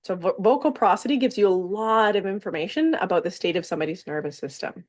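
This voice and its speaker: A woman leading a somatic wellness workshop, explaining calmly and stretching out some words with pauses between phrases. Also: mid-range voice.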